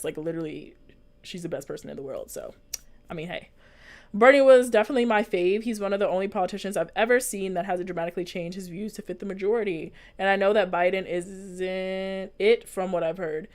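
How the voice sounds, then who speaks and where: A young woman from the United States speaks briskly in a mid-range, darkish voice, earnestly chatting with viewers and answering their live comments, her talk loose and full of fillers and restarts.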